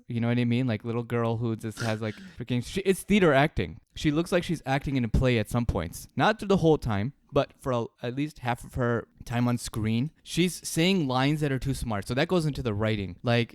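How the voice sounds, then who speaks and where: A man at mid pitch with a smooth, resonant voice, talking over a film in a casual podcast chat. He is opinionated and emphatic, and he stays close to a dry, dead microphone. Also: no room sound. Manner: opinionated, emphatic, animated when mimicking. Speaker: podcast co-host.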